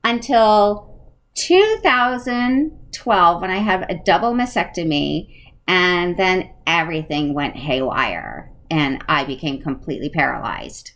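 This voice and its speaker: A frank woman in her fifties with a New England accent, telling her story in a relaxed conversational way. Her speech is slow and unhurried, yet her pitch moves up and down expressively. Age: 50s. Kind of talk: casual podcast conversation.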